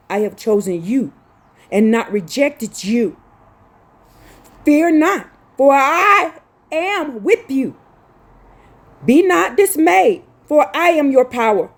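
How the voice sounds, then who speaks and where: A woman preaching a fervent, scolding sermon, reading scripture aloud and crying out as she repeats her phrases. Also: sits high. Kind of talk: impassioned street-style sermon with scripture reading.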